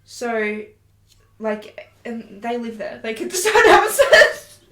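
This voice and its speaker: A woman's voice: a little high, very animated, slow pace, fairly bright tone, roomy sound. An Australian woman from Victoria co-hosting a podcast, chatting casually, giggling often and trailing off mid-sentence. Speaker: podcast co-host. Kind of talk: casual chat.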